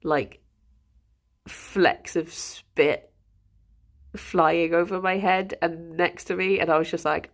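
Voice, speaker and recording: A woman's voice: fairly low pitch, takes it slowly, vocal fry. A woman streaming, chatting casually and laughing often between fillers. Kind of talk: casual chat.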